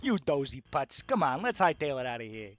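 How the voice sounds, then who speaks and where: A man voicing a gang of gruff male platypus mobsters with a tough-guy gangster drawl. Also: mid-range voice, very animated, fairly quick, soft background music, close to an everyday voice. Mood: bickering.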